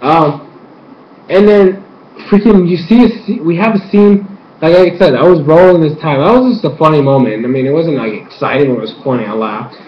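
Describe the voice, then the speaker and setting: Young man, excitable fan recap, high-ish voice, echoey room, muffled sound. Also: moderate pace, slight background noise. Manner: excitable, full of fillers and sudden squealed quotes. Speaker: episode reviewer.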